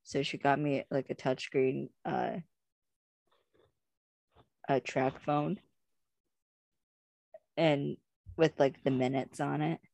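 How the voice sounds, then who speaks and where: Low gravelly young woman chatting. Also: flat delivery, takes it slowly, long pauses, darkish tone, no echo. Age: young adult. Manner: chatty, rambling, frequent "like" fillers. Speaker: podcast co-host. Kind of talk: casual chat.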